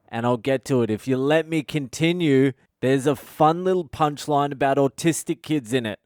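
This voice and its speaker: A man rants through a story in a blunt, swearing, casual monologue. His voice is smooth and resonant, and the recording is close and dry with no room sound. He talks like a podcast host just letting it all out. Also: medium pitch, normal speed, few pauses, darkish tone, no room sound. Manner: foul-mouthed, blunt, ranting.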